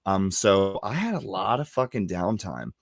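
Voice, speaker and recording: A man in his thirties hosting a podcast, telling stories in casual, profane chat with lively quoted voices. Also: low-pitched, moderate pace, vocal fry, a little hiss or hum. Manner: profane, storytelling, animated quoting. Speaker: podcast host.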